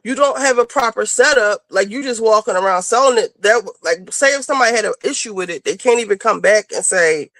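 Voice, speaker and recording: A woman's voice: mid-range voice, expressive, fast talker, few pauses, a bit bright, dry recording. A woman co-hosting a chat show, telling a rambling story casually with lots of fillers and swearing, on a clip-on microphone. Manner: rambling, profane, full of fillers. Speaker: podcast co-host. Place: moving around indoors, then heading out.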